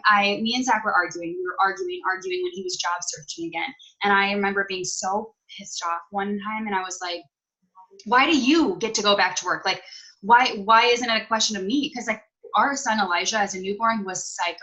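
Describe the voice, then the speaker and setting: A woman's voice: medium pitch, pushed and bright, poor audio. A young woman telling a candid personal story in a casual, emotional way, full of fillers and restarts. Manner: casual and emotional, many fillers and self-corrections. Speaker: guest.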